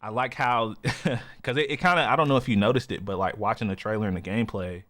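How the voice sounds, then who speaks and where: A man's voice: fairly low pitch, fast, a bit bright, dry recording. A man co-hosting a podcast in casual chat, rambling with lots of "you know" and "like" fillers. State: has the hiccups. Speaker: podcast co-host.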